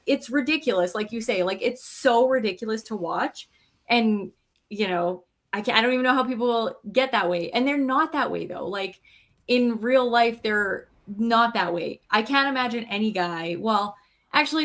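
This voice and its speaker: A woman's voice: fairly high pitch, a bit bright. A woman in casual chat, giving frank opinions and thinking aloud with hedges.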